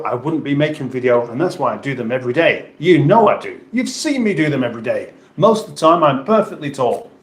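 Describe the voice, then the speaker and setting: A British man hosting a casual livestream, chatting and joking as he reads out viewer messages. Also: mid-range voice. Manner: chatty, jokey, playful voices for chat names. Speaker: livestream host reading chat. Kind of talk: casual live chat. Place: home kitchen. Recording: roomy echo.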